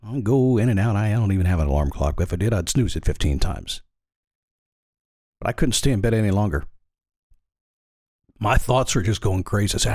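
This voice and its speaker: Blunt, animated motivational speaker man. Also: on the low side, fairly quick, long pauses, dry recording, studio quality. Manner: blunt, emphatic, folksy preaching. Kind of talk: motivational monologue.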